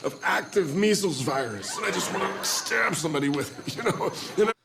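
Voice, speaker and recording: An actor playing a raspy, strained older man who rambles haltingly and giggles through wild ideas in a sketch comedy impression. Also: on the high side, expressive, noisy background. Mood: manic.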